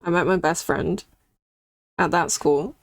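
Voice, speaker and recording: A woman's voice: fairly low pitch, measured pace, no echo. A young woman streaming while she draws, chatting candidly and reacting to her chat. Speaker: streaming artist.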